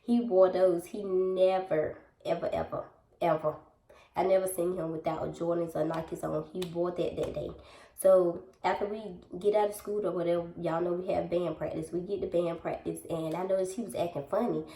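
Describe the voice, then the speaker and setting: Low-voiced woman chatting to viewers. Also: fairly even intonation, moderate pace, dark tone. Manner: chatty, addresses viewers directly, acts out dialogue. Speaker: vlogger. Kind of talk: casual storytime chat. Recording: roomy, echoey room.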